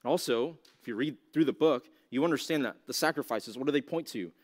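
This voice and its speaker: A male youth pastor gives a teaching talk to young listeners. His voice sits at an ordinary middle pitch, and he speaks loosely and conversationally, often saying "like" and tossing out rhetorical questions. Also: a little fast. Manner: casual, conversational, heavy use of "like"; asks the audience rhetorical questions.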